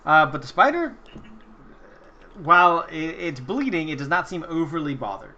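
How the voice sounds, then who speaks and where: A man in the game master's seat of a tabletop session, narrating with an easy, relaxed delivery. His voice is bright and slightly raised, picked up through a somewhat muffled mic. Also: a little high, moderate pace.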